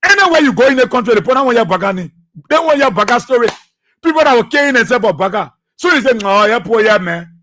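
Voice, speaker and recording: This is a man with a Liberian English accent hosting a political talk show on the radio. His voice sits very high, and he mixes mocking laughter with preachy repetition, circling back to the same lines. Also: expressive, fast, fairly bright tone, a little hiss or hum. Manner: laughs often, mocking and preachy, repeats phrases.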